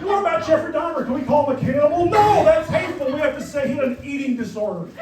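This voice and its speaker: High-voiced middle-aged male stand-up comic. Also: fast talker, background noise. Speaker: stand-up comedian. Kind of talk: stand-up comedy set. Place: comedy club. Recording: roomy club sound, mic far off, crowd. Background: audience laughter.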